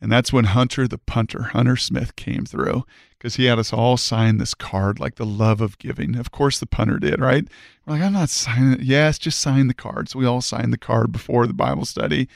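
A man with a gravelly, creaky edge tells a heartfelt story as a podcast guest, earnest and fervent, circling back and restarting his sentences as he goes. His voice sits at an ordinary pitch and sounds dry and close to the mic, with no room around it. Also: fairly even intonation, normal speed, no room sound. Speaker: podcast guest, former football player. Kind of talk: emotional personal storytelling.

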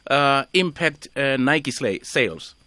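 A man's voice: mid-range voice, animated, slow pace, pushed and bright, no room sound, clean studio sound. A man hosting a radio show, chatty and upbeat as he interviews a guest. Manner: chatty, upbeat, laughs easily. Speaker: radio host. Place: radio studio.

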